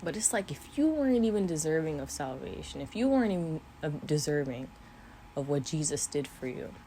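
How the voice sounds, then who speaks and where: Low-voiced young woman, earnest and tearful. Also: big pitch swings, brisk, dark tone, slight background noise. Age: 20s. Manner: earnest, tearful at times, with small laughs. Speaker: vlogger. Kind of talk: emotional faith talk to camera. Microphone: camera mic.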